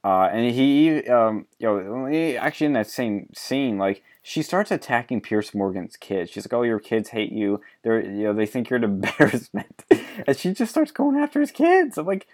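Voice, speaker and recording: A man's voice: fairly low pitch, animated, normal speed, hardly any pauses. A man hosting a podcast in casual political chat, blunt and profane, laughing often. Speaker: podcast host.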